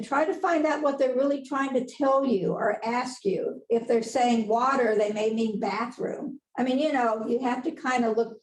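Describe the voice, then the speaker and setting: Woman, nurse educator, casual folksy lecturer, higher voice, echoey room sound. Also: a little mellow. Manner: chatty, folksy, laughs at her own asides. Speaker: nurse educator presenting on dementia care. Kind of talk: conversational webinar lecture.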